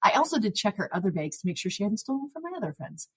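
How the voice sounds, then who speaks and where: Woman podcast host, husky voice, animated storyteller, casual chat. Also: medium pitch, rapid-fire, rough recording. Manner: animated storyteller, acts out quoted lines.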